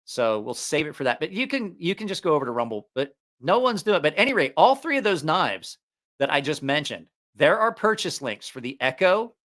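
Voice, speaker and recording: Fairly high-pitched and fairly bright, his voice swings widely in pitch and moves at a fairly quick clip. He's a knife reviewer hosting his channel's casual livestream with a slight Southeast Ohio accent, using a studio mic and headphones. The talk wanders, self-corrects, and stays chatty.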